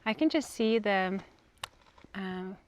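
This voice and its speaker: A woman's voice: mid-range voice, expressive, takes it slowly, a little mellow, slight background noise. A woman community manager chatting on an outdoor tour, sometimes searching for words. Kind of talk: walking tour chat. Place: outdoors on hillside land.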